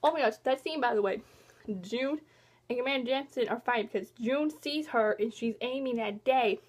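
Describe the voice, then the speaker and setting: A woman talking casually in a vlog, rambling and excitedly reviewing a book she loves and hates parts of. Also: fairly high pitch, normal speed. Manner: animated swings between loud and soft. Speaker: book vlogger.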